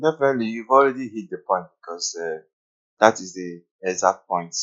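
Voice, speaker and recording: A man with a somewhat low voice, speaking earnestly on a podcast panel. The sound is dull and lo-fi. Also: animated, brisk, a bit bright. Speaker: podcast guest. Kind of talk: casual panel discussion. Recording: lo-fi dull audio.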